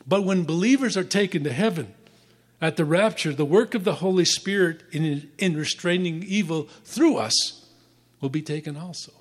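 A man teaching the Bible, reading scripture aloud and explaining it, his voice sinking quieter at the ends of phrases. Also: on the high side, moderate pace.

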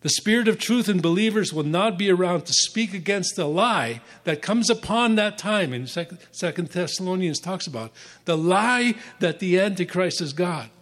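A man teaching the Bible, reading scripture aloud and explaining it, his voice sinking quieter at the ends of phrases. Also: high voice, expressive, moderate pace.

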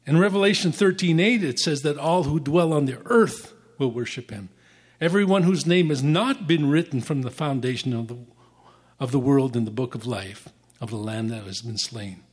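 A man teaching the Bible, reading scripture aloud and explaining it, his voice sinking quieter at the ends of phrases. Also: mid-range voice, moderate pace, husky.

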